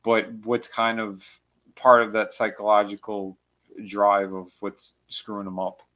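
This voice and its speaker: A man co-hosting a casual movie review chat, agreeable and relaxed, often restarting his sentences. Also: fairly low pitch, measured pace.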